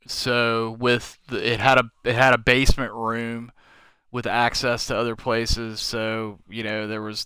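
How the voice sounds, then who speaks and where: A tired man rambles slowly through his plans, thinking aloud with plenty of fillers. His voice is bright and very clear, recorded close and dry with no room sound. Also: medium pitch, flat delivery, dry recording. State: tired, yawning late at night. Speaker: game streamer. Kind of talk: casual live-stream commentary.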